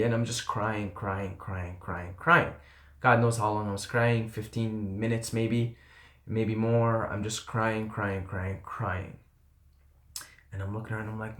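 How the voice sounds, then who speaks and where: A man's voice: fairly low pitch, level tone, measured pace, fairly bright tone. A man telling a personal story to camera in a casual, earnest and intense way, often trailing off and swearing. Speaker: vlogger. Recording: roomy echo.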